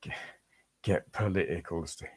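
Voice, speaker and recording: On a live stream, an Englishman with a very deep, slightly rough voice rambles a little slowly, responding to viewer comments and wandering from topic to topic in a relaxed, chatty manner.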